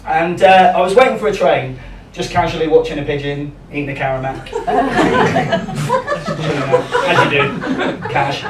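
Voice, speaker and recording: A man's voice: sits high, huge pitch swings, unhurried. A young man doing a live stand-up set in a small pub comedy club, chatty and self-deprecating, rambling with lots of ums. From England. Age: young adult. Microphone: handheld stage microphone. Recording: roomy club sound, distant mic, audience noise.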